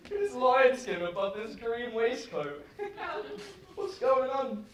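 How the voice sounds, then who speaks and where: A man's voice: very high-pitched, very animated, takes it slowly, a little hiss or hum, full character voice. Heracles, a man playing a mocking hero. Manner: mocking, giggly. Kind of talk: student stage acting. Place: theatre stage. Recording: echoey hall, far from the mic.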